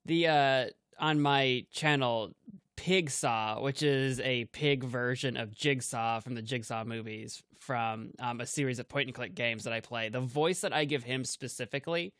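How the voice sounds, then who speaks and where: A man's voice: medium pitch, measured pace, a bit bright, clear, resonant tone, no echo. Self-deprecating man, dry close sound. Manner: self-deprecating, laughs often. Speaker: podcast co-host and YouTuber. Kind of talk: casual podcast chat.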